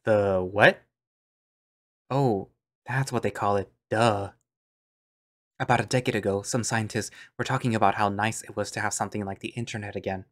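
A man's voice: on the low side, steady tone, a little fast. A man narrating an audio drama in first person, musing and understated.

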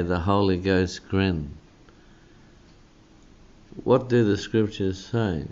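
A male pastor preaching a sermon, slow and emphatic, often tagging on a questioning "hey?". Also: sits low, a little mellow. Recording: dull lo-fi sound.

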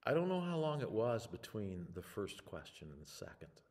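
An older man preaching a sermon in a slow, dramatic way, with long pauses and swings between loud and hushed. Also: on the low side, sing-song, big-room sound. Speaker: pastor. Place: church sanctuary.

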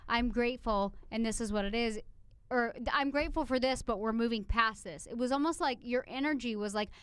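Candid woman with a clear voice. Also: a little high, a little fast, no echo. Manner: candid, laughing easily, trailing into restarts. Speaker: podcast co-host. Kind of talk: casual conversation.

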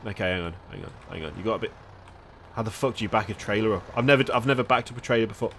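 A man's voice: on the low side, steady tone, racing, vocal fry, a crowd in the background. A young man giving casual, sweary commentary as he struggles with a game, muttering to himself and laughing. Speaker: gamer.

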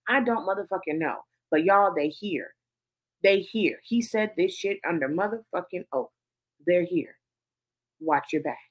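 A woman's voice: on the low side, measured pace. A woman hosting a commentary show, ranting heatedly and swearing emphatically. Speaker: host.

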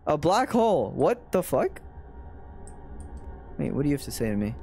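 A man's voice: fairly high pitch, sing-song, normal speed, long pauses, darkish tone, faint music behind. A young man streaming a video game, chatting and mocking himself as he plays. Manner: self-mocking, exclaims often. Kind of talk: gaming commentary. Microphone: desk mic.

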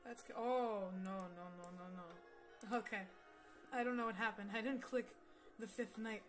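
Woman, casual gameplay commentary, excitable and foul-mouthed, chats at the on-screen characters; faint game music underneath. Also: a little high, normal speed. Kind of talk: casual let's-play commentary.

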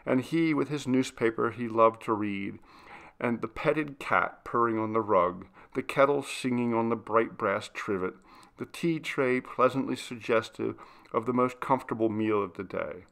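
A male narrator reads a classic ghost story in a steady, measured way. His voice sits in a middle pitch with a noticeably gravelly texture. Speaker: audiobook reader.

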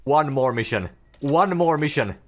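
A man giving gameplay commentary. He swears a lot, gets excited fast and yells when things go wrong. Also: mid-range voice, soft background music. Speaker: gaming YouTuber.

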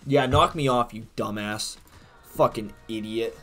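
A man's voice: mid-range voice, fairly even intonation, unhurried, pushed and bright, soft background music. A man giving profane, trash-talking live commentary while he plays a competitive game, swinging between rage and jokes.

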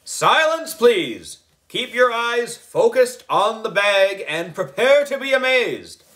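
A man reading a storybook aloud, voicing a boy who puts on a grand stage wizard voice with slow, booming pronouncements. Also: very animated, a bit bright, exaggerated voice. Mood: grandly theatrical.

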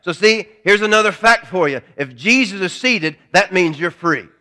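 Male pastor, high bright voice, emphatic sermon delivery with rhetorical questions. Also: animated, normal speed. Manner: emphatic preaching, repeats key lines, rhetorical questions.

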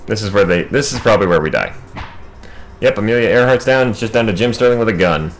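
A man's voice: fairly low pitch, lively intonation, fast, slight background noise. A man hosting a gaming video, talking through his game in a casual, wry running commentary.

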